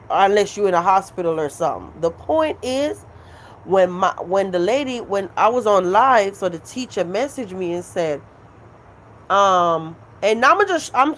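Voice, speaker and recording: A woman hosting her own live stream, venting at her critics in a casual, profane, emphatic way and repeating her points. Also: medium pitch.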